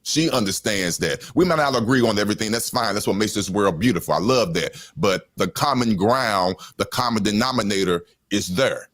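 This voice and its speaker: A man's voice: on the low side, lively intonation, a little fast, hardly any pauses, a bit bright. A man speaking earnestly and with emphasis as a panelist on a live-stream chat over a video call. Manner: earnest and emphatic, praises others.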